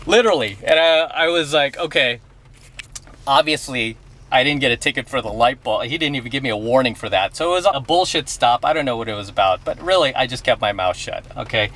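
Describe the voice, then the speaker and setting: A man's voice: mid-range voice, expressive, fast talker, a bit bright. A man vlogging outdoors beside his car, telling a story and giving blunt advice, often checking in with "okay?". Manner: emphatic, blunt, keeps asking "okay?". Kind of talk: casual storytelling and advice to camera.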